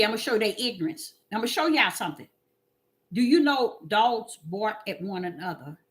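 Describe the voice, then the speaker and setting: A woman giving animated, preachy casual commentary to her viewers, often repeating words and using fillers. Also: medium pitch.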